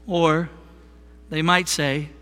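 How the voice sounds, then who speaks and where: A man preaching a sermon as worship pastor, earnest, slowing down and softening on key phrases. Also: on the high side, little pitch movement. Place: church sanctuary. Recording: long reverb of a church hall.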